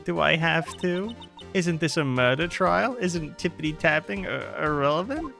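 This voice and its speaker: Guy putting on a squeaky bratty young woman witness, coy and whiny, game music low behind. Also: animated, moderate pace, vocal fry, pushed and bright, exaggerated voice. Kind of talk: reading a game's dialogue aloud.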